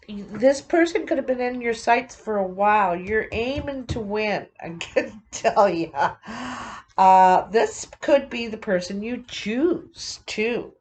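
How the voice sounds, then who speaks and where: A woman lays out tarot cards and talks through them at an unhurried, slow pace. Her pitch sits in an ordinary middle range. She thinks aloud, pausing and restarting with lots of fillers. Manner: musing, halting, thinks aloud with many fillers. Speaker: tarot reader. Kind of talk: casual tarot reading.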